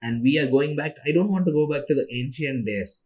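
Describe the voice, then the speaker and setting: A man's voice: a little high, animated, fairly quick, a little mellow. Sleepy young man rambling on a podcast. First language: Tamil. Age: young adult. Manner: rambling and tired, with restarts. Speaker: solo podcast host. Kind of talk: casual monologue.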